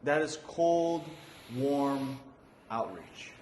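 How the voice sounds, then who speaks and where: A man talking business plans in a relaxed, hesitant way, often restarting his sentences. He is recorded in a roomy, echoing space with a faint hiss of noise behind him. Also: mid-range voice, drawn-out words. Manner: thinking aloud, hesitant. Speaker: marketing partner, co-host. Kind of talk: casual business chat.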